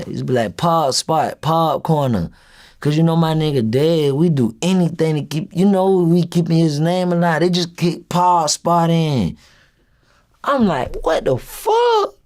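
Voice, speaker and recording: A young man being interviewed as a rapper, casually retelling a story and acting out what each person said. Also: fairly high pitch. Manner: animated retelling, acts out quoted dialogue.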